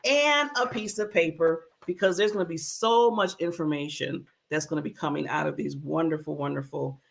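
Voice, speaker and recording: A woman's voice: low-pitched, moderate pace, gravelly. A woman hosting a talk show in a bubbly, emotional way, laughing often. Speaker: host.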